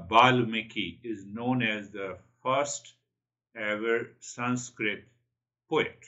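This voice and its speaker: A man's voice: lowish voice, pushed and bright, muffled recording. A man giving a spiritual talk, earnest and repeating his key phrases. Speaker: spiritual teacher.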